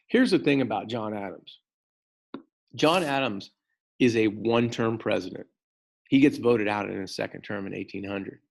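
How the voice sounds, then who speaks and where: A man teaching a history lesson in an animated way, talking straight to his students and often repeating words as he goes. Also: mid-range voice, vocal fry, breathy edge. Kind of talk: classroom lecture.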